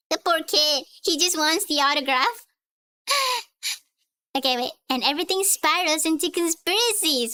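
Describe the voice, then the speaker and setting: A woman's voice: sits high, animated, a little slow, pushed and bright. A woman streamer reading a comic aloud on stream, chatting and giggling between panels.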